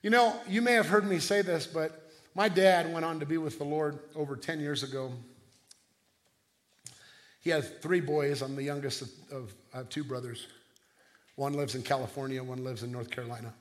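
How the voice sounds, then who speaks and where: A middle-aged man preaching a sermon as pastor, telling stories in a conversational way with quick restarts. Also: a little high, fairly even intonation.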